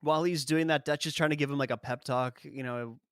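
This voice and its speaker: A man hosting a casual film-review podcast, talking in a wry, jokey way with quick asides and frequent laughs. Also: a little high, steady tone, a bit bright, smooth, dry recording, studio quality. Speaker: podcast host.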